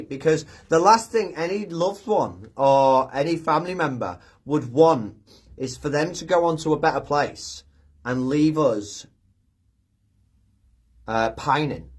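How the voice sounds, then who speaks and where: A man hosting a live chat, talking gently and from the heart with many pauses and restarts. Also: medium pitch, breathy edge. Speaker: live stream host. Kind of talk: casual live chat, reading viewer comments.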